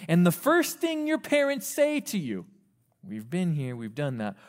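Animated man preaching in an echoing hall. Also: high-pitched, unhurried. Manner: animated, acts out quoted voices of parents and teens. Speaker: youth pastor. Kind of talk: sermon. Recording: long reverb of a hall.

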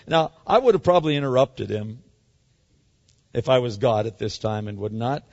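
A man preaching a sermon, swinging dramatically between loud and hushed. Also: medium pitch, animated, normal speed, big-room sound, muffled recording. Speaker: pastor.

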